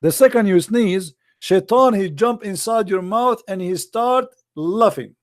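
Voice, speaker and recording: A man delivering a mocking, sarcastic monologue in non-native English, drawling out quoted passages slowly and deliberately. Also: high-pitched, expressive, no echo, studio quality. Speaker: religion critic commentator.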